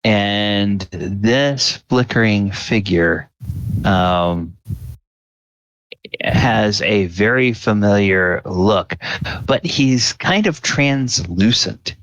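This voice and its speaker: A man narrating a tabletop game as game master, slow and halting, with many fillers. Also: fairly low pitch, a bit bright, no echo, lo-fi sound.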